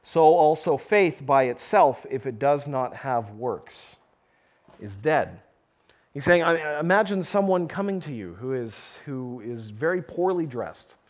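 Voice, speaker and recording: A man preaching a sermon, reading scripture and explaining it earnestly, with slow emphatic pauses. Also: mid-range voice, animated. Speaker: pastor.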